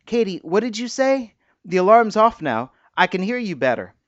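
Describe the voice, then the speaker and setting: A man voicing a cheerful young wife, speaking higher and livelier than his own voice, on a dull recording. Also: big pitch swings, moderate pace, dry recording. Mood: alarmed.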